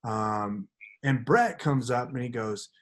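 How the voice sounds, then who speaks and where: A man's voice: mid-range voice, slow pace. Man telling a rambling story on a podcast. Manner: rambling, animated storyteller acting out quotes. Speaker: podcast co-host. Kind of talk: casual storytelling chat.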